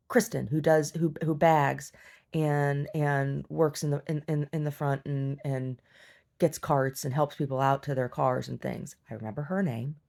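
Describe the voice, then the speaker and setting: A woman with a somewhat low voice tells a long, emphatic story straight to her viewers. She keeps checking in with "right?" and stumbles into restarts as she presses her point. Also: creaky, a little mellow. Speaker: vlogger. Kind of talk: casual storytelling rant.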